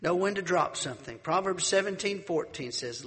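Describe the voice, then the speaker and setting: Male preacher, folksy storyteller, slightly high, reverberant church hall. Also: moderate pace, hardly any pauses. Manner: folksy, animated storyteller who acts out voices. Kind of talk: sermon with a storytelling anecdote.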